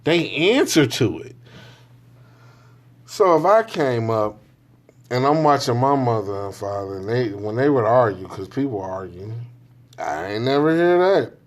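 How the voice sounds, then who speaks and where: With a mid-range voice and lively intonation, a man hosts his own show and rants alone. His talk is casual, profane street slang, broken up by quick mimicry of the people he describes.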